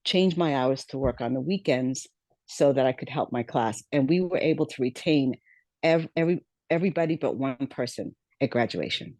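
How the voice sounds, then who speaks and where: A woman's voice: rumbling low, normal speed, darkish tone, no room sound. A woman guest on a podcast telling her life story, reflective and repeating key phrases for emphasis. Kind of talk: storytelling interview.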